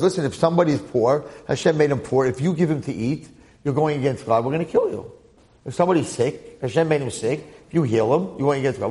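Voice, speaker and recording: Gravelly man giving an animated Torah class. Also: medium pitch. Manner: animated storytelling with repeated phrases and acted quotes. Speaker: rabbi teaching the weekly Torah portion.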